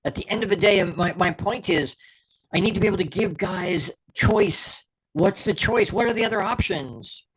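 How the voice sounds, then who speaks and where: A man's voice: sits high, moderate pace, poor audio. A middle-aged man hosts his own show and delivers an unscripted motivational talk. He speaks with fervent conviction and leans on repeated words and short punchy phrases. A faint hiss of noise sits under his voice. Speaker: podcast host and performance coach.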